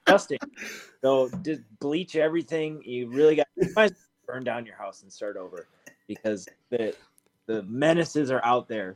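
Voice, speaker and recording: A man co-hosting a casual podcast, giving mock-serious advice in a deadpan way. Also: medium pitch. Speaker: podcast co-host.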